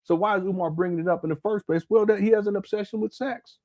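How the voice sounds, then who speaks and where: Speaking fast in a high-sitting voice with a darkish tone, this Southern California man chats casually as a live-stream commentary host. He tends to repeat words and replies to comments from chat.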